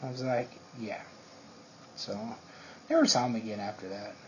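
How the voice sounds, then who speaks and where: A man's voice: fairly low pitch, moderate pace, darkish tone. A man casually telling a swaggering, profane story about a confrontation. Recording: muffled lo-fi recording, faint hiss.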